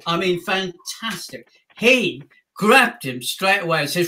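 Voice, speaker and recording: A man telling a show anecdote as a guest, animated and acting out the voices he quotes. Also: a little high, a little slow. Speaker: guest actor. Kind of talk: casual anecdote.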